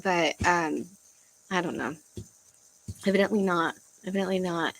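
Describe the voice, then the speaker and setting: A young woman chatting casually on a livestream from home, halting and searching for words, with frequent fillers and sighs. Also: lowish voice, low-quality recording. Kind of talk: casual livestream chat reading comments.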